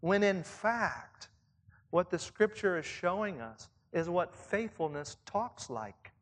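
A man's voice: sits high, big pitch swings, takes it slowly. A man leading church leaders in a conversational sermon, reflective and asking his listeners questions. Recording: long reverb, as in a hall.

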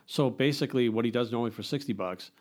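A middle-aged man, a fitness coach, chatting as a podcast guest and telling stories in a quick, profane, animated way. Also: medium pitch. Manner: fast, profane storytelling. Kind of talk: casual interview chat.

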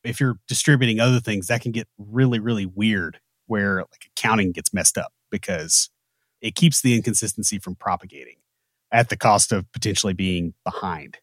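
A man's voice: on the low side, moderate pace, dry recording. A man with a Southern US accent, co-hosting a casual technical talk with dry joking asides. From American South. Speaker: podcast co-host.

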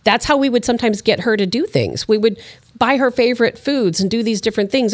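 A woman co-hosting a political talk show, earnest and explanatory. Her pitch rises and falls with lively movement, and her voice is recorded close and dry. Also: brisk, no echo.

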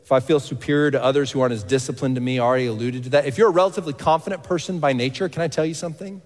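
A man preaching a sermon as pastor, emphatic, rising to loud exclamations and dropping to hushed asides. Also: mid-range voice, racing. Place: church hall. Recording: long reverb of a large hall.

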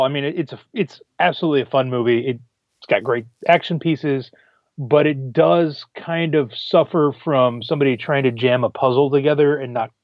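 A man co-hosting a podcast, animated and emotional in casual movie review chat, restarting words as he talks. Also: medium pitch, no room sound, lo-fi sound. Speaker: podcast co-host.

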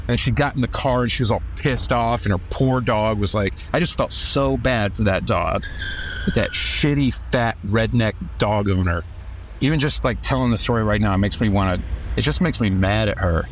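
A man's voice: on the low side, normal speed, slight background noise. A man telling a personal story on a podcast, indignant, often restarting his sentences.

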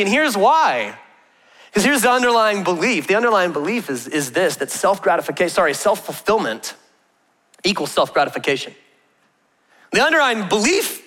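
A man in his thirties preaches in a casual, joking way, his high voice ringing out through a large church auditorium. He tells stories and fires off rhetorical questions with a bright, forceful tone. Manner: chatty storytelling with humor and rhetorical questions. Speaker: pastor. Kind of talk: conversational sermon. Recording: long reverb of a large hall.

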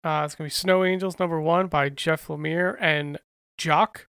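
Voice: mid-range voice, steady tone, normal speed, fairly bright tone, clean tone, dry recording. Wry podcast co-host, dry sound. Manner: brief, wry interjections; runs the segments. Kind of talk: casual chat.

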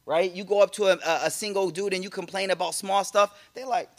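A man's voice: high-pitched, fairly quick. A man, likely in his late twenties or thirties, giving a casual motivational talk to an audience, telling funny stories and acting out other people's voices. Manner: animated storytelling with jokes and quoted voices.

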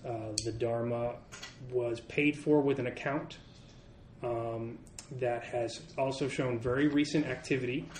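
Halting man running a tabletop game. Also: medium pitch, fairly even intonation, a little mellow. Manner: halting, many fillers. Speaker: game master. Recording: echoey room with faint hiss.

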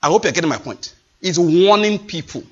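On a dull, lo-fi recording, a man preaches fervently and a little fast, his high, husky voice swinging widely in pitch. He presses hard on his points and repeats phrases for emphasis in an expressive sermon.

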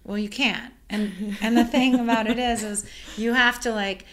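A woman caterer chatting casually and telling an animated story, full of "like" fillers. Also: on the high side, normal speed. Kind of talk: casual chat.

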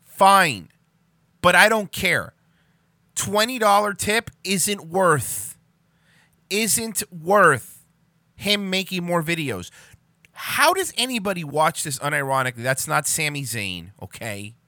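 A man's voice: sits high, lively intonation, takes it slowly, sharp tone, no room sound. A man ranting sarcastically and swearing a lot as he reacts to a video for comedy. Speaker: reaction commentator. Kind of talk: profane comedic reaction commentary.

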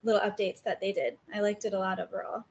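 A woman guest talking casually about her favorite writers, chatty and quick to laugh. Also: medium pitch, steady tone, a little mellow, muffled recording. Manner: chatty, laughs often, many fillers. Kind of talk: casual interview chat.

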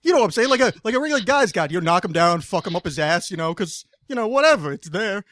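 A man's voice: sits high, lively intonation, a little slow, bright, forceful tone, no echo, studio quality, heavily acted. A man putting on a brash, swaggering tough-guy voice with a put-on accent. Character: brash tough-talking regular guy's guy.

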